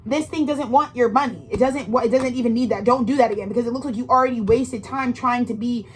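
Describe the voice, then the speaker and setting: Brief: woman tarot reader, fairly high voice, slangy and profane, rambling direct address, faint noise behind. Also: fast, rough recording. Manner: rambling, emphatic and profane, with frequent restarts. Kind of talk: casual tarot reading monologue.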